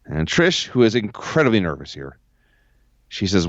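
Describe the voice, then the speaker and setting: A man's voice: on the low side, sing-song, normal speed, long pauses, dry recording. Casting: male podcast co-host, dry recapper, dull muffled line, close dry sound. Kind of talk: casual recap chat. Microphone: remote call from home.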